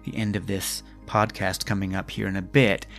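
Gravelly low-voiced man coaching gently. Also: level tone, moderate pace, soft background music. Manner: gentle, coaching, asks the listener questions. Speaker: podcast host. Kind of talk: reflective self-help talk. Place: lives in Scotland.

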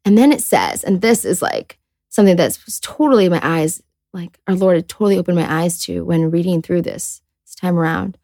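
A woman's voice: on the low side, lively intonation, a little fast, warm tone, dry recording. A woman co-hosting a casual faith podcast, reading scripture aloud and reflecting on it in an earnest, chatty way with many "like"s. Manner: chatty and earnest, many "like"s, voices quoted people. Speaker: podcast co-host.

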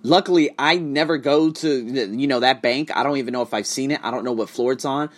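A man ranting casually and profanely to his viewers, swinging between loud outbursts and hushed asides. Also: medium pitch, brisk. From United States. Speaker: vlogger and online teacher. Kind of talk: casual profane rant to camera.

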